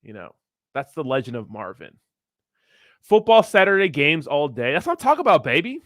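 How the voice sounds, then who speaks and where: A man's voice: a little high, wildly swooping pitch, fairly quick, a bit bright, no echo, studio quality. A man in his thirties hosting a casual livestream, chatting with his viewers in a rambling, profane, laid-back way and laughing often. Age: 30s. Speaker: crypto streamer reading chat.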